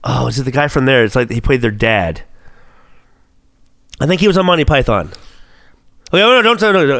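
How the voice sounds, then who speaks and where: A man's voice: medium pitch, a little fast, long pauses, no echo. Guy co-host, swears constantly, voice swings all over, dry close sound. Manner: excitable, heavy swearing, thinks aloud. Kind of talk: casual podcast chat, quiz game.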